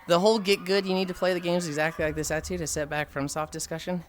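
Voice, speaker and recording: Soft music plays behind a streamer who talks fast in a level, medium-pitched voice while walking on a treadmill. Weary from the long walk, they sigh often and sound exasperated as they read and reply to chat during the casual live stream.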